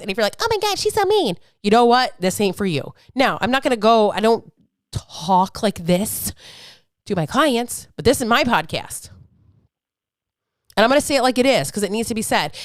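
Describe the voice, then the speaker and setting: A woman's voice: a little high, dry recording, studio quality. A woman fitness coach in her thirties, ranting bluntly and profanely on her own podcast. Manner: blunt, profane, fired-up, preachy. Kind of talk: unfiltered podcast rant.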